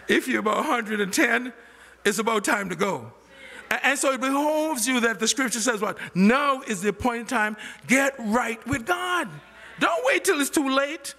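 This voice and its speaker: An older pastor preaches a sermon in an extremely high, gravelly, pushed and bright voice, animated yet a little slow. He keeps questioning the congregation and lets them complete his sentences, with the long reverb of a large hall around him.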